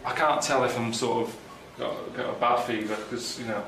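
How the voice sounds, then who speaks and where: An English man presenting a travel show, with a dry, grumbling, deadpan way of talking to camera, often from a busy street outdoors. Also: medium pitch, moderate pace. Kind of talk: casual to-camera travel commentary. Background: music.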